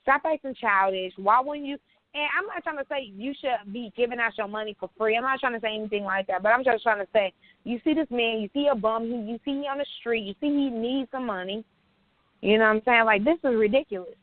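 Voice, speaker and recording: A woman's voice: fairly high pitch, fast, dry recording. Blunt chatty woman on a phone line. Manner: blunt, animated storytelling with slang. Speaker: podcast co-host. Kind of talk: casual podcast chat.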